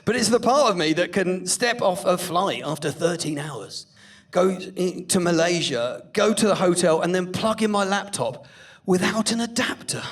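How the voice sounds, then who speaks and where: High-voiced British man ranting on stage. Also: moderate pace, far from the mic. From Britain. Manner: ranting, sweary, mocking. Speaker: stand-up comedian. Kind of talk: live stand-up set. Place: comedy club stage.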